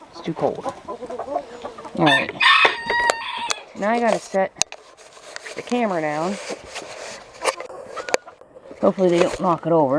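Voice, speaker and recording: A woman chatting casually while doing farm chores outdoors, talking to her animals. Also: medium pitch. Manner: chatty, coos baby talk to her animals. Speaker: farm vlogger. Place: outdoors at a chicken coop on a farm. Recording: noisy outdoor farm recording. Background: chickens clucking.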